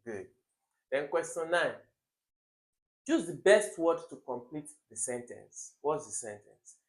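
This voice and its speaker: A man's voice: on the high side, sing-song, takes it slowly, rough recording. A man with a Nigerian English accent, an exam tutor talking through test questions, explaining step by step, repeating key words, and chuckling at wrong answers. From Africa.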